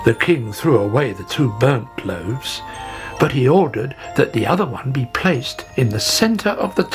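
A storyteller reading a fairytale in a gentle, measured way. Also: mid-range voice. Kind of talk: scripted fairytale narration. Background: music.

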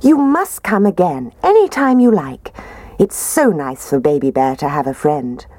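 A gentle mother bear speaks kindly, as a woman plays her. Her pitch moves a lot and the sound is close and dry. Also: big pitch swings, measured pace, no room sound. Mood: welcoming.

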